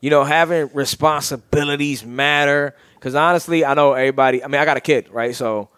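A man's voice: fairly high pitch, steady tone, brisk, a bit bright, clean tone, no room sound, studio quality. Joking podcast host, man. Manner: joking, swearing, laid-back banter. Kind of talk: casual chat.

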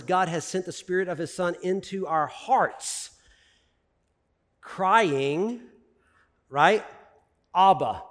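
A middle-aged man preaching a sermon as a pastor, animated, swinging between loud emphasis and hushed asides. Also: a little high. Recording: long reverb of a large hall.

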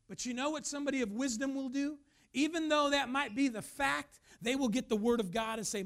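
A man's voice: very high-pitched, fairly quick, a bit bright. A man preaching a sermon as pastor, emphatic, now and then acting out the voices of the people he talks about.

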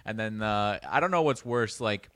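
Man, podcast co-host, laid-back halting chat, lower voice, dry close sound. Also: lively intonation, a bit bright, dry recording. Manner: laid-back, hesitant with fillers and 'dude'. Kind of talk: casual chat.

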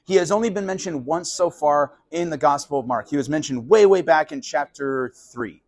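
A man preaching a conversational sermon as a pastor, animated and casual, sometimes acting out voices of the people he talks about. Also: on the high side, moderate pace. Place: live sermon at a college venue.

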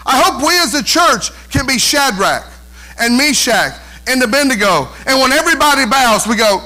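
High bright-voiced preaching pastor. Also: male voice, lively intonation, a little fast, low-quality recording. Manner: emphatic preaching with rhetorical questions. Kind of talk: sermon. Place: church.

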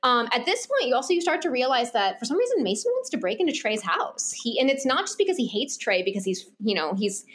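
A woman with a fairly high voice co-hosts a casual podcast, retelling scenes from a book and acting out the characters' lines. She talks loosely and laughs often. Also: sing-song, quick pace, few pauses. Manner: recaps scenes with quoted dialogue, laughs often. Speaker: podcast co-host. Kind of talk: casual book-club chat.

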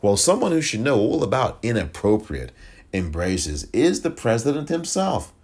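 A man's voice: mid-range voice, big pitch swings, moderate pace, darkish tone, slightly rough. A man hosting a political podcast who gives indignant, emphatic commentary and repeats points for force. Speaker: podcast host.

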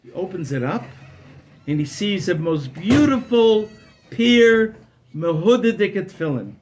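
A man telling a story as a rabbi, with animated narration. His voice sits fairly high for a man and swings between loud and hushed passages. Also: unhurried, a little hiss or hum. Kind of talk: oral storytelling.

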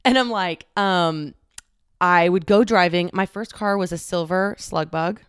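A woman's voice: on the low side, a little slow, clear, resonant tone, dry recording, clean studio sound. Candid young woman talking into a mic. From Dallas-Fort Worth area, Texas. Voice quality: frequent "like" fillers, candid and swearing. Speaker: podcast host. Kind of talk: casual solo podcast monologue. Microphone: close studio microphone.

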